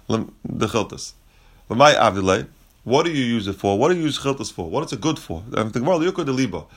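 A man teaching a Talmud passage, reading Aramaic phrases and explaining them in relaxed, conversational English. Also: mid-range voice.

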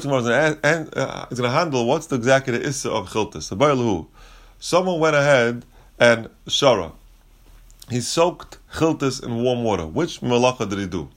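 A man teaching a Talmud passage, reading Aramaic phrases and explaining them in relaxed, conversational English. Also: mid-range voice.

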